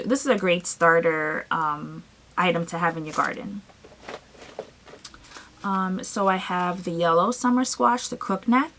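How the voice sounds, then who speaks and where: A woman from Trinidad, a gardening vlogger, chatting casually and excitedly through a show-and-tell with frequent ums. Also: medium pitch, a little hiss or hum, poor audio.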